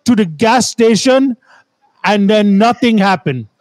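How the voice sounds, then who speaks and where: A man's voice: high voice, lively intonation, measured pace, darkish tone, no echo. A man putting on an Indian accent to play a pushy, coaxing man who talks in short, broken sentences. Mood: wheedling. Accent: Indian, put on. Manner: coaxing, repetitive, clipped broken grammar.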